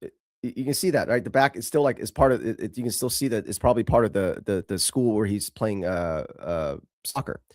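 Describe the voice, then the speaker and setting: A man's voice: on the low side, fairly quick, a little mellow, no room sound, clean studio sound. A male host giving emphatic, scornful commentary on a video clip, repeating himself for stress.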